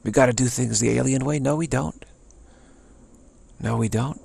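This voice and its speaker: A man's voice: mid-range voice, normal speed, a little mellow. An American man talking in a rambling monologue, emphatic and repetitive, with many restarts. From United States. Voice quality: gravelly, husky. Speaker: speaker sharing personal views.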